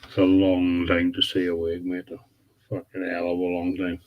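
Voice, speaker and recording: Deep flat-voiced man chatting on a livestream. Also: moderate pace, highs cut off. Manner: laid-back, swears freely, calls viewers mate and bud. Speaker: livestream host. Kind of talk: casual live chat with viewers.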